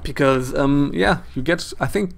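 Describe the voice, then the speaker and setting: A man's voice: fairly high pitch, unhurried, creaky, a little hiss or hum. A man with a German accent giving chatty, casual gameplay commentary as he plays, thinking aloud and adding self-deprecating asides. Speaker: let's play host.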